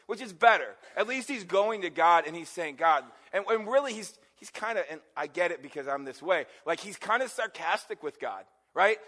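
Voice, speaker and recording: A middle-aged pastor preaches a sermon in a high, slightly bright voice that sits a little above the typical male range. He speaks to his congregation loosely and conversationally, often pausing to pose questions to them.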